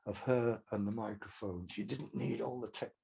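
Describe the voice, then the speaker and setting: Brief: older man, husky voice, frank storyteller who restarts his sentences. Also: fairly low pitch, steady tone, normal speed, warm tone. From Manchester, England. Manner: rambling anecdotes with restarts, frank. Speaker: songwriter guest. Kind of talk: casual interview storytelling.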